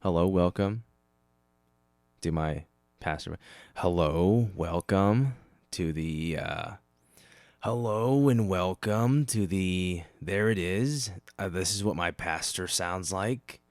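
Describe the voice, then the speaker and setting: A man doing an impression of a mellow male pastor with a relaxed stoner drawl, a fairly high voice with a deep low end underneath, speaking slowly on a desk microphone. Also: no echo. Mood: laid-back welcome. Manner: slow, drawn-out, relaxed delivery.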